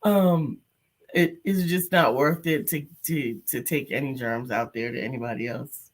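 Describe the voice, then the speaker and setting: A woman's voice: a bass voice, fairly even intonation, measured pace. A woman co-hosting a motivational show in a casual, upbeat way, often teasing and laughing. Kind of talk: casual chat.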